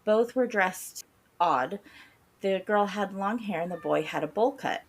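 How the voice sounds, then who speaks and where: A woman's voice: medium pitch, measured pace, a little hiss or hum. A woman co-hosting a podcast, narrating a spooky story with dry humor. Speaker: podcast co-host. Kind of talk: casual storytelling chat.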